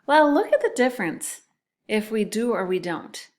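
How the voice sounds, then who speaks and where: A woman teaching a recorded phonics lesson to second graders, sounding words out syllable by syllable in a clear, deliberate way. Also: fairly high pitch, sing-song.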